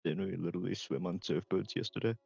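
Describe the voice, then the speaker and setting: Low gravelly man on muffled mic. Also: quick pace, a little mellow. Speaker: player. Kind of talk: casual game chat.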